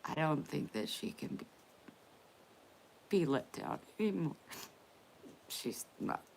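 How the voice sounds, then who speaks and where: A woman talking quietly and emotionally in a personal vlog, hesitant and stopping to restart. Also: deep voice, big pitch swings, takes it slowly, creaky, slight background noise. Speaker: vlogger.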